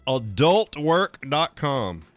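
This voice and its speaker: A man's voice: a little high, sing-song, takes it slowly, fairly bright tone, faint music behind. A man co-hosting a radio show, reading odd news stories and struggling not to giggle. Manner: giggly, reads stories with amused asides. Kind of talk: casual comedic chat.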